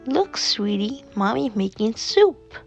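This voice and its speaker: A woman doing a soft loving mother fox. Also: a little high, big pitch swings, slow, vocal fry, muffled recording, faint music behind, heavily acted. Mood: gentle. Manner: soft, soothing and protective.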